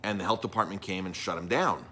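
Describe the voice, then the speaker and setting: A man's voice: sits low, quick pace, pushed and bright, a little hiss or hum. A middle-aged man, a chef and restaurant owner talking casually on a live stream, rambling with lots of ums and restarts.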